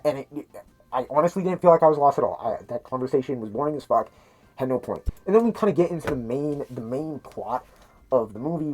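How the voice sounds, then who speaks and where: A man's voice: mid-range voice, warm tone. A man giving a rambling, profane movie review on a cheap mic through a mask, his voice slightly muffled and full of restarts. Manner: rambling, restarts a lot, swears, laughs at things. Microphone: cheap mic talked into through a mask.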